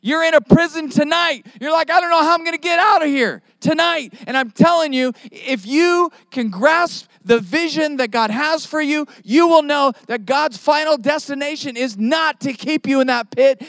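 A man delivers a sermon from the pulpit, pressing each point with rhetorical questions. His voice sits very high for a man. The sound is dry and close, with little room echo. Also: moderate pace, few pauses, fairly bright tone. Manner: emphatic preaching with rhetorical questions. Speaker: pastor.

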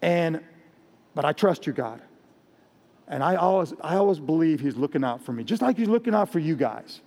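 Mexican American pastor preaching in a hall. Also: male voice, on the high side, lively intonation, brisk, vocal fry, darkish tone. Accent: Mexican American English. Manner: earnest, direct, repeats phrases. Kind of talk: sermon. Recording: long hall reverb.

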